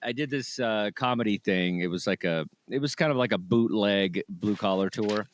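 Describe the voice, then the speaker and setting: A man's voice: lowish voice, moderate pace, no room sound. A male comedian co-hosting a podcast, chatting casually with enthusiastic, jokey repetition. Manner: enthusiastic, jokey, repeats his lines. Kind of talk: casual chat.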